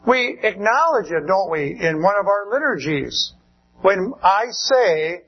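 A male pastor preaching a sermon in a slow, measured way, drawing out words for emphasis. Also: sits high, very animated, husky, muffled recording.

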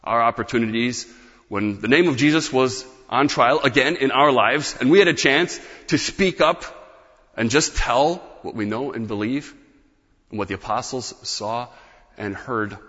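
A man's voice: medium pitch, a little slow, fairly bright tone. A man preaches with earnest emphasis, pressing on certain words. His voice trails through a long hall reverb. The recording is dull and muffled. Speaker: pastor. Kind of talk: sermon.

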